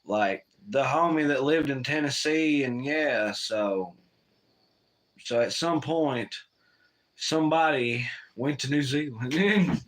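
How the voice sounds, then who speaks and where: Man, livestream host, casual, profane, rambling, bright forceful voice. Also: medium pitch. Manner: profane, rambling, reads chat aloud.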